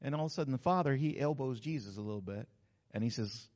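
A man's voice: mid-range voice, quick pace, darkish tone. A male pastor preaching a sermon in a church, emphatic and calling out to the congregation. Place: church sanctuary. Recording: echoey hall, dull lo-fi sound.

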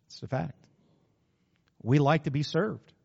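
Animated preacher in a reverberant hall. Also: male voice, on the high side, slow pace, vocal fry, breathy edge. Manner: animated, acts out quotes with sudden loud bursts. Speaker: pastor. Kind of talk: sermon. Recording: muffled recording in a reverberant hall.

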